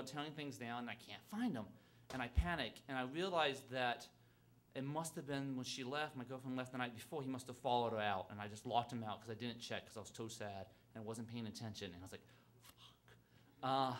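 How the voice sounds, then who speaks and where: On stage at a live storytelling event, a man shares a personal story, halting and self-deprecating, full of fillers and restarts. His voice is mid-range and a bit bright.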